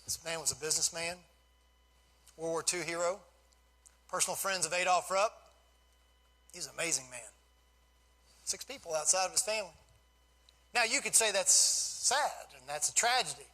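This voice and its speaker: A man in his fifties giving an animated, folksy storytelling speech to a live audience as a guest speaker. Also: on the high side, normal speed, long pauses, poor audio.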